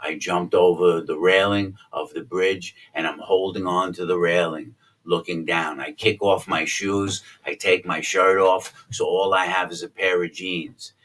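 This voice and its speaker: Deep-voiced man rambling through a story. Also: recorded from a distance. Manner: rambling, lots of fillers and restarts, acts out quotes loudly. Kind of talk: casual personal storytelling.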